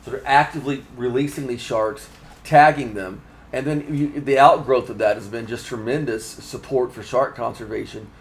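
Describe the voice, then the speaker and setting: A man's voice: mid-range voice, moderate pace, rough recording. A man hosting a casual chat at a fishing trade show, speaking with eager emphasis. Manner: enthusiastic, emphatic. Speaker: host, fishing magazine editor.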